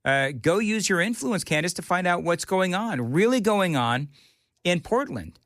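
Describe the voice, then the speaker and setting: A man's voice: sits high, very animated, moderate pace, a bit bright, no room sound, studio quality. A male talk radio host delivering an indignant, opinionated monologue with mocking asides. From United States. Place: radio studio.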